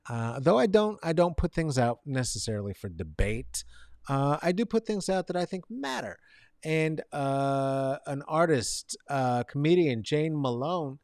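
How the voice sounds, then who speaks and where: A man hosting a comedic commentary show, rambling and sarcastic, swinging between mumbled asides and loud outbursts and talking to viewers by name. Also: fairly high pitch, animated, a little slow, no room sound, studio quality. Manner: talks to chat viewers by name. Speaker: show host.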